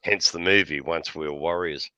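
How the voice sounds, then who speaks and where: A man's voice: very deep voice, normal speed, dry recording, lo-fi sound. An Australian man hosting a live stream, swearing freely and laughing as he tells stories. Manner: laughs often, swears freely, lively yarn-spinning. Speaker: livestream host. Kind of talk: casual chat with jokes and yarns.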